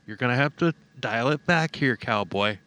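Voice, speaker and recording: A man's voice: medium pitch, animated, normal speed, bright, forceful tone, clean tone, pitched below the performer's own voice. A man voicing an older man who talks down to his hotheaded partner and scolds him. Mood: scolding. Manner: mock-scolding, patronizing.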